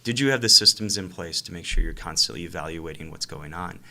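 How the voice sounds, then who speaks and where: A man's voice: sits low, fast talker. A man, a real estate guest in an interview, telling his story casually and acting out old phone calls. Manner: animated storyteller who acts out phone calls.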